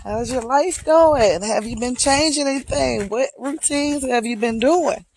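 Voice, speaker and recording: A hiking vlogger, speaking slowly and reflectively, encouraging viewers while out on a wooded trail near waterfalls. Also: high-pitched, a little hiss or hum, low-quality recording. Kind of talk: motivational outdoor vlog.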